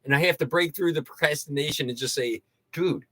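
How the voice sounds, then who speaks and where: A man hosting a casual art livestream, rambling and goofy, poking fun at himself and jumping into high excited yelps and laughter. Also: fast talker. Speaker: livestream host.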